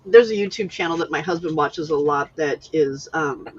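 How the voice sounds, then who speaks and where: A woman's voice: sits low, moderate pace, slightly rough, highs cut off. Giggly woman hosting a crafting stream. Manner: chatty, giggly, reads viewer comments aloud. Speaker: host of a live crafting stream. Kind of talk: casual chat.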